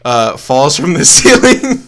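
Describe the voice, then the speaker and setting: A man's voice: on the high side, big pitch swings, slow pace, fairly bright tone. A young man co-hosting a comedy podcast, playfully adding absurd twists to an improvised story and laughing often. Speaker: podcast co-host.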